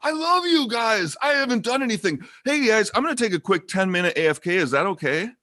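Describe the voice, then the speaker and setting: Man faking a Scottish accent, rowdy clueless gamer, high excited voice, yelling and rambling. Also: fairly quick. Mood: excited, confused. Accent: put-on Scottish.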